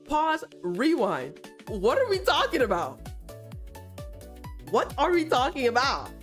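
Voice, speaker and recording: A woman streamer chatting casually and critiquing art, playful and slangy, teasing her chat and explaining ideas slowly. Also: high-pitched, huge pitch swings, fairly bright tone, faint music behind. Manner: explains slowly and repeats herself while drawing.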